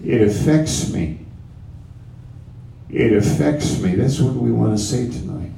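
A man preaching a sermon, slow and emphatic, repeating his key phrases. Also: mid-range voice, animated, gravelly, dark tone, distant mic, slight background noise. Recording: roomy sound from off-mic.

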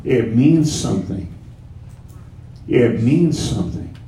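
A man preaching a sermon, slow and emphatic, repeating his key phrases. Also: mid-range voice, animated, mellow, far from the mic. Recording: roomy sound from off-mic.

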